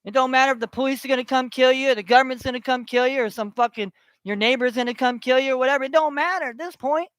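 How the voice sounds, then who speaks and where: A man's voice: extremely high pitch, quick pace, a bit bright, no echo. A man delivering a heated, profane rant to his online audience, repeating himself as he builds his tirade. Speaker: online ranter.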